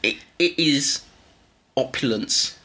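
Bright-voiced rambling man podcaster. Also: mid-range voice, slow. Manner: rambling, self-interrupting, laughing. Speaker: podcast co-host. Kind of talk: casual chat.

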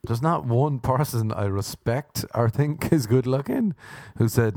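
A man's voice: medium pitch, animated, measured pace, a little mellow, dry recording, studio quality. A young Irish man telling rambling, sweary, self-mocking stories in a casual monologue, acting out other people's voices as he goes. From Ireland.

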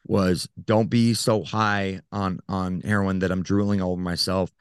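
A man with a very low, deep voice tells his own story as a podcast guest. He speaks earnestly and haltingly, often pausing on fillers. The sound is dry and close, with no room around it. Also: little pitch movement, clear, resonant tone, dry recording. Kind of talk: personal storytelling in an interview.

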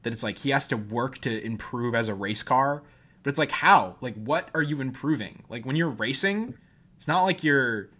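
A man's voice: medium pitch, animated, normal speed, sharp tone, breathy edge. A man in casual podcast chat, blunt and teasing, swearing freely. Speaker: podcast co-host.

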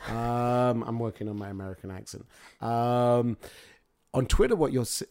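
Chatty male guest telling lively stories. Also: medium pitch, normal speed. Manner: lively anecdotal storytelling with frequent fillers. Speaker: guest speaker. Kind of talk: casual interview chat.

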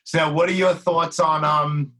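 Podcast host: bright-voiced man, a bit high, eager and agreeable. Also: little pitch movement, low-quality recording. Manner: eager, agreeable, quick affirmations. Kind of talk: casual interview.

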